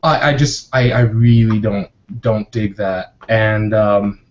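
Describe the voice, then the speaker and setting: A man's voice: on the low side, steady tone, slow. A man on a live video-call panel, talking candidly and bluntly about himself and swearing freely. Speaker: panel member. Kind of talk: casual chat on a video call. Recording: dull lo-fi video call audio.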